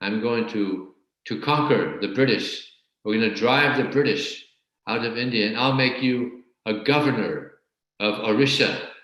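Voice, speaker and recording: A man's voice: mid-range voice, unhurried, a bit bright, close to an everyday voice. A man voicing an arrogant male false guru who claims to be God, speaking boastfully and defiantly. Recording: very echoey room.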